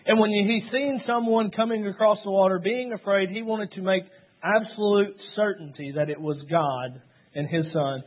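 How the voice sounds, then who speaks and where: A man's voice: high-pitched, moderate pace. A man preaching a sermon, retelling scripture in a storytelling way. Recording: tinny phone-like sound.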